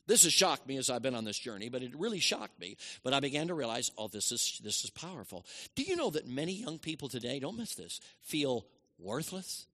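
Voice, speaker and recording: A middle-aged man preaching a sermon, swinging between loud emphatic lines and hushed, quieter asides. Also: mid-range voice, sing-song, brisk, hardly any pauses.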